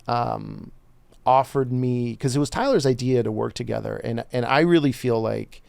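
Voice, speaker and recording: Man, podcast co-host, gravelly, dry close sound, earnest and emotional. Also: mid-range voice, moderate pace, a little mellow, dry recording. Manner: earnest, openly emotional, laughs through his words. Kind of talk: casual chat.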